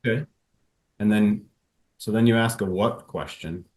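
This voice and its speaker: A man coaching a caller about marriage, playful and quick to act out both sides of an argument. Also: fairly low pitch, darkish tone. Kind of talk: coaching call.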